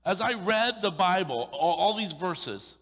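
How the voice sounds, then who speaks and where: Bright-voiced man preaching in a hall. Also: sits high, a little slow, husky. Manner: joking, animated preaching with acted asides. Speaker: pastor. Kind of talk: sermon. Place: church sanctuary. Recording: long reverb of a large hall.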